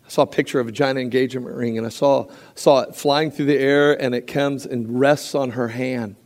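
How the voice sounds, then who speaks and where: A man preaching a sermon, telling lively stories and acting out quotes, with frequent restarts. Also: medium pitch, normal speed. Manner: animated storytelling with acted quotes and frequent restarts.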